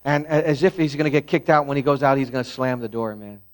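A man's voice: mid-range voice, quick pace. A male pastor preaching a sermon in a conversational way that rises to emphatic peaks.

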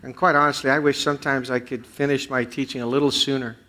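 A male pastor preaching a sermon in an earnest voice, swinging between loud pleading and hushed prayer. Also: mid-range voice, flat delivery, quick pace.

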